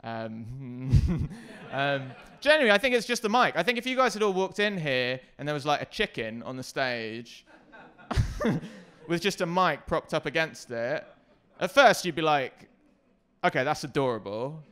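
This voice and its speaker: A man doing a stand-up comedy set, self-deprecating and hesitant with many ums, sometimes breaking into loud shouted bits. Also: a little high, very animated, a little slow, clean tone.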